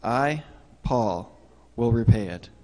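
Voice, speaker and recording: A man playing a calm, persuasive apostle. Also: medium pitch, slow. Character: calm older apostle urging reconciliation. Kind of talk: sermon skit. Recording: reverberant church hall.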